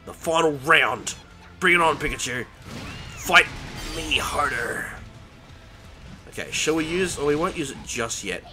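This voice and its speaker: A young man hosting a gaming channel, excitedly commentating his own gameplay, talking to the characters on screen and laughing along. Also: a little high, measured pace, pauses often. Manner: excitable, yelps and laughs while playing, talks to the game. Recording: game music behind.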